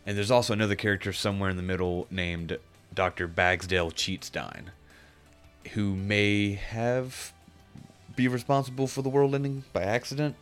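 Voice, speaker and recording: A man with a very deep voice talks through a game in casual podcast chat. He rambles, restarts his sentences and hunts for the right words as he goes. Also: steady tone, normal speed, smooth, soft background music. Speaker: podcast co-host reviewing a game.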